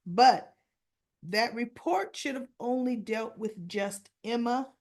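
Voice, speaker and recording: A woman's voice: on the high side, slow, darkish tone. A woman hosting a soap opera recap, chatting casually and acting out bits of dialogue as she retells the episode. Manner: chatty, acts out lines of dialogue.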